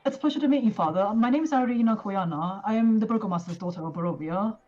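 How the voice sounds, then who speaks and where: A woman's voice: medium pitch, fast, darkish tone, pitched above the performer's own voice, natural voice. Woman doing a frightened young noblewoman. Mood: polite. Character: young noblewoman in fear, polite. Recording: dull lo-fi audio.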